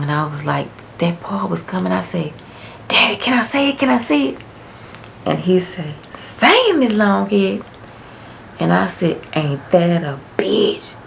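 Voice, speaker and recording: A woman's voice: low-pitched, vocal fry, a little hiss or hum. A woman vlogger telling a personal story in a frank, casual, reminiscing way.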